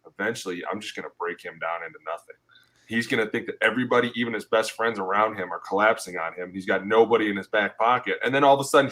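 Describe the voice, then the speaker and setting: A man in his thirties co-hosting a sports podcast, ranting in casual talk and acting out what players say to each other. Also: mid-range voice. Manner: animated ranting, acting out quotes. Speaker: podcast co-host, former player.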